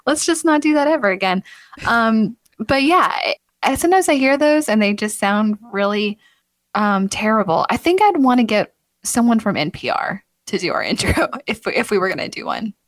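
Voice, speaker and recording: A woman's voice: fairly high pitch, sing-song, normal speed, dry recording, clean studio sound. A woman hosting a marketing podcast in a chatty, upbeat way, laughing often. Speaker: podcast host. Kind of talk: casual podcast chat.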